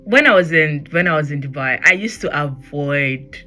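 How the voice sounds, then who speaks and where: A woman's voice: animated, normal speed, pushed and bright, soft background music. A young Nigerian woman with a Nigerian accent, chatting on her own podcast and slipping into Pidgin as she acts out what people said. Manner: chatty, switching into Pidgin, acting out quotes in a high voice. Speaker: podcast host. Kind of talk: personal podcast monologue.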